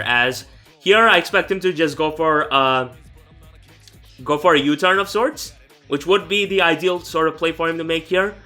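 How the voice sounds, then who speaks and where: A man's voice: a little high, pushed and bright. A young man giving casual, rambling commentary on his own competitive game match, correcting himself often and swearing casually. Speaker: gaming YouTuber. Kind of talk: casual live gameplay commentary. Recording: faint background music.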